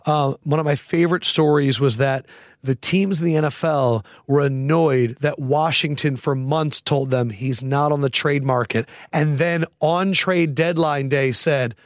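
A man hosting a casual football talk show, telling stories in a joking, animated way. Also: on the high side, measured pace, no room sound, studio quality. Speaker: podcast host. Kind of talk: casual sports chat.

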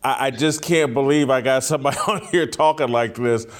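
A man hosting a podcast, asking questions excitedly with stammered restarts. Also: medium pitch, a little fast. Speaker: podcast host. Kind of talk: casual interview talk.

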